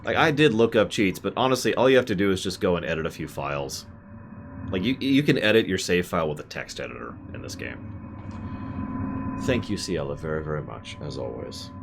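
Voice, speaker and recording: A man's voice: low-pitched, expressive, brisk, vocal fry, noisy background. A man streaming a game and chatting casually, wandering into side tangents as he plays. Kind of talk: casual gameplay commentary.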